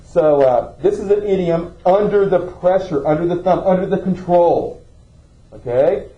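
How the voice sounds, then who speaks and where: Male teacher, questioning style, somewhat high voice, lo-fi classroom recording. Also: normal speed. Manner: questioning, checks in with "okay?". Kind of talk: classroom lecture.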